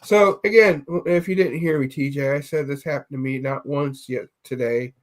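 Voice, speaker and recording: A man's voice: a little high, moderate pace. A man on a casual streamed podcast chat, telling rambling comic stories and stumbling over repeated words. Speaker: podcast co-host.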